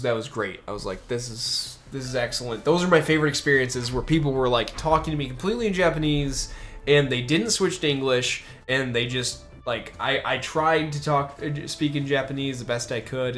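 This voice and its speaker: A man's voice: mid-range voice, brisk, a bit bright, a little hiss or hum. A man from the United States chatting casually on a stream, rambling and restarting often. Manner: rambling, with many fillers and restarts. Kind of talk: casual chat.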